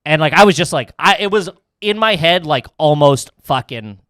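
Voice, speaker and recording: Animated, foul-mouthed man telling a story. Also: fairly high pitch, normal speed, dry recording, studio quality. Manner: animated, profane, acts out quotes. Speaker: podcast host. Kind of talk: casual storytelling chat.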